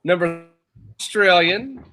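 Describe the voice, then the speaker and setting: A man's voice: sits high, slow, a little hiss or hum. A man on a casual live show, steadily reading out a ranked countdown between bits of chatter. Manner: steady, announcing list entries between chatter. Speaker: co-host reading a ranked list.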